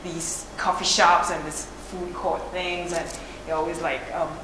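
A woman's voice: lowish voice, little pitch movement, measured pace, lightly acted. An actress playing a boastful young woman auditioning, chatty and rambling with many fillers. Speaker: audition candidate. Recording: echoey room with background noise.

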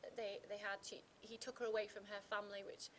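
A woman teacher, talking through a poem in a casual revision chat, pausing often with ums and restarting her sentences. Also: mid-range voice, little pitch movement, a bit bright, slight background noise. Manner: hesitant, many fillers and restarts.

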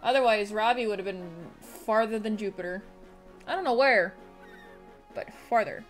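A woman streamer plays a video game while giving casual commentary full of profanity, sounding animated and reactive. Her voice sits at a medium pitch and moves at a moderate pace, with faint music in the background.

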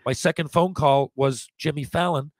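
A man in his forties, a podcast guest, telling lively anecdotes in casual talk, acting out what people said and often restarting his sentences. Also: fairly high pitch, normal speed, no room sound. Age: 40s. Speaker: podcast guest, former hockey player. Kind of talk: casual storytelling.

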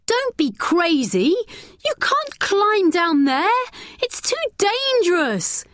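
A woman's voice: on the high side, big pitch swings, a little slow, no echo, voice pushed up. A woman voicing a cautious young woman who speaks anxiously and pleadingly. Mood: worried.

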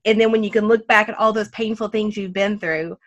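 A woman hosts a faith podcast, speaking earnestly and encouragingly, with a laugh slipping in now and then. Her pitch sits right in the middle for a woman. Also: fairly even intonation, brisk, lo-fi sound. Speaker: podcast host. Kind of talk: faith-based podcast conversation.

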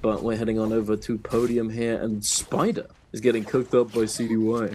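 A man's voice: fairly low pitch, little pitch movement, moderate pace, darkish tone, slight background noise. A man doing esports color commentary, chatty and explanatory, with a wry, sarcastic streak and plenty of fillers.

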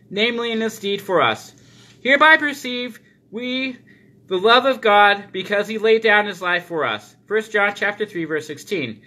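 A man preaching a sermon, reading deliberately and slowing down to stress repeated phrases. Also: high voice, bright, forceful tone. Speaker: pastor.

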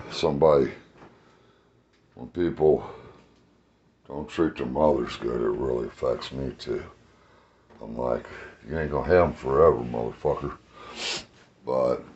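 Deep-voiced man telling rough stories. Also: slight background noise. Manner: rambling, profane, laughs at his own stories. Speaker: vlogger telling life stories. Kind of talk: casual storytelling. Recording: dull lo-fi sound with faint ambience.

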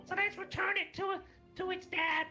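A woman playing a tabletop game with friends, talking fast and stubbornly in a playful way. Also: very high voice, steady tone, bright, forceful tone. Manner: quick, insistent, playful. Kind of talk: casual tabletop role-play.

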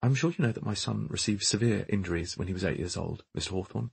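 A man voicing a calm, matter-of-fact middle-aged mother who speaks quietly and precisely. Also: on the low side, fast talker, gravelly, husky, no echo, heavily acted. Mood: composed.

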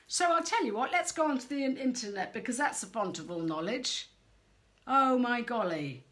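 A middle-aged woman giving frank, animated parenting advice straight to camera, acting out quoted voices as she goes. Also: a little high, brisk. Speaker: parenting coach. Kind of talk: direct-to-camera advice talk.

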